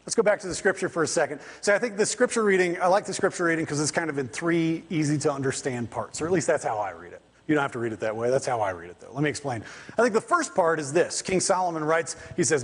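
A man preaching a sermon in church, telling a story in a conversational, animated way and acting out the people in it. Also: fairly high pitch, quick pace, breathy edge. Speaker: pastor. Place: church sanctuary. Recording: long church reverb.

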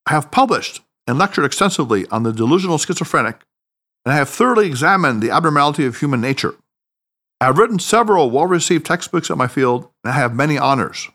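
A man's voice: on the high side, animated, fast talker, a bit bright. A man putting on a pompous, blustering psychiatrist. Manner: blustering, self-important. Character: pompous middle-aged male psychiatrist, proud and irritable. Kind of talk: audiobook character voice.

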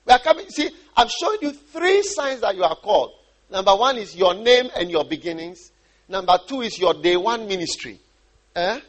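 A man from Ghana preaching a sermon, animated and often repeating and restarting his phrases. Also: sits high, normal speed.

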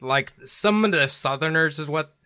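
A man's voice: on the high side, normal speed, pushed and bright, clear, resonant tone, no echo, clean studio sound. An American man from Minnesota co-hosting a podcast, rambling easily and laughing often in casual chat. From Minnesota, United States. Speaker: podcast co-host.

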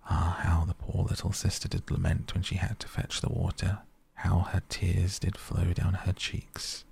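A man reading a fairy tale aloud in a steady, measured way. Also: sits low, gravelly, slight background noise. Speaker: narrator.

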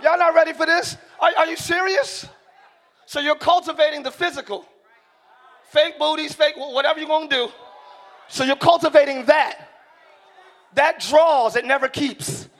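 A middle-aged man preaching a sermon in a church, shouting key lines and slowing down for emphasis while joking with the congregation. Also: extremely high pitch, steady tone. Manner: joking, talks directly to the congregation. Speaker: pastor. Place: church sanctuary.

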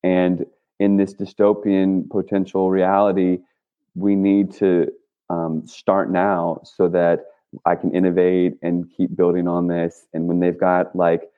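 Man talking over a tinny phone line. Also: deep voice. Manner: rambling, with many fillers and restarts. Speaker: guest, activist and clothing maker. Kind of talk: casual interview talk.

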